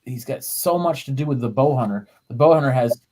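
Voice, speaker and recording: A man's voice: mid-range voice, lively intonation, fairly quick, a little mellow. A man co-hosting a podcast in casual chat, chiming in with teasing remarks and tangents. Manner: teasing, chatty interjections. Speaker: podcast co-host.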